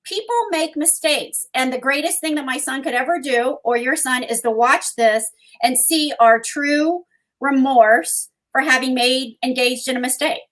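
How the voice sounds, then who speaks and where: A woman's voice: high-pitched, normal speed, fairly bright tone. A woman co-host telling a personal story in conversation, earnest, with frequent ums. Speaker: co-host and guest.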